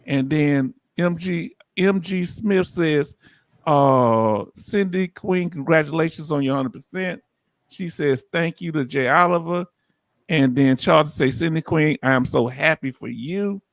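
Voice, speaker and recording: Animated Southern man hosting a livestream. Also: fairly high pitch, measured pace, dry recording. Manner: animated, reads comments aloud, folksy. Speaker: livestream host. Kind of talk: casual livestream talk reading viewer comments.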